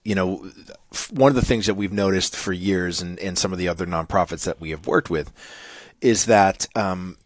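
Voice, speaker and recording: Deep-voiced New England man, earnest. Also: normal speed, dry recording. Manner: earnest, rambling, many fillers and restarts. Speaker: podcast co-host. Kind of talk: conversational podcast chat.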